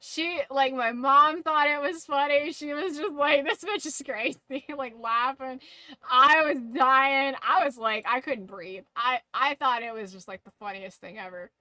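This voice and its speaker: Woman streamer, high bright voice, giggly, swears, lots of "like", casual storyteller. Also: unhurried, dry recording. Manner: giggly, swears freely, full of "like".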